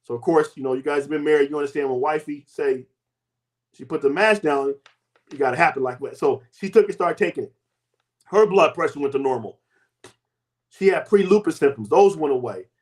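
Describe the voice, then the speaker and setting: Man in his 50s, high voice, guest telling a story with animated voices for the people in it. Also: a little fast. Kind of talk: personal testimony.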